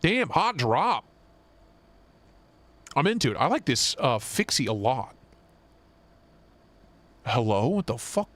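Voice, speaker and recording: A young man co-hosting a live stream, chatting casually and swearing as he jokes and gets excited. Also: mid-range voice, slow pace, long pauses. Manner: excited, profane, joking. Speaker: knife show co-host.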